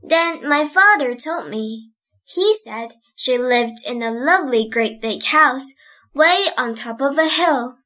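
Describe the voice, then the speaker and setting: Reading aloud from an audiobook, a woman gives a full character voice to a cheerful orphan girl around eleven years old. Her high, animated delivery is slow and sharp-toned, and the girl comes across as eager, chatty, and wide-eyed.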